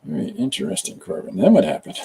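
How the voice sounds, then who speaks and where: A man's voice: mid-range voice, huge pitch swings, fast, vocal fry, dark tone, slight background noise, low-quality recording. A man streaming a comic drawing tutorial, rambling casually and chatting with viewers and a pet as he draws.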